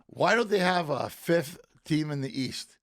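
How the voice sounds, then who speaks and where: Comedy guest: a man with a gravelly, slightly high voice and an animated, laugh-filled delivery on a podcast mic. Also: measured pace. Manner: animated storyteller, laughs often. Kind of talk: casual podcast banter.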